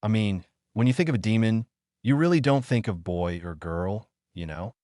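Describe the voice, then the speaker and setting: A man voicing a hot-headed young boy ninja who rants and yells. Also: fairly low pitch, lively intonation, moderate pace, no echo, clean studio sound, lightly acted. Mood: wary. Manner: ranting, yelling.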